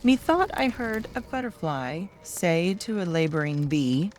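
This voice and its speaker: An older woman gently reading children's poems aloud at bedtime, soft-spoken and calm. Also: lowish voice, measured pace, few pauses, slight background noise. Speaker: storyteller.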